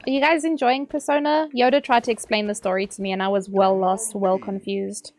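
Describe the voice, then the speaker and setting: A young woman streaming a game live, excitable and sweary, gasping and chatting with her viewers. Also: mid-range voice, fairly quick, few pauses. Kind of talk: casual live gaming commentary.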